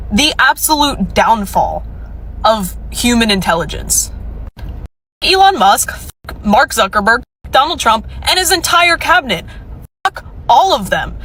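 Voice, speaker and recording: A woman's voice: high voice, pushed and bright. Exasperated woman venting, faint noise behind. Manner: exasperated, angry. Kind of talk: ranting to camera.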